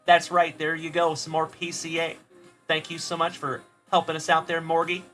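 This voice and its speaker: A man's voice: a little high, completely flat delivery, normal speed, a bit bright, soft background music. A man hosting a card-opening livestream, upbeat and friendly, greeting viewers by name as he goes. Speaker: host of a trading card break livestream. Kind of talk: livestream chat shout-outs.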